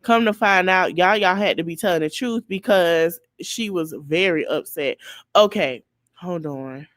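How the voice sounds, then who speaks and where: A woman podcast host giving casual commentary, talking straight to her viewers in an animated way. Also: on the low side, measured pace, no room sound, clean studio sound.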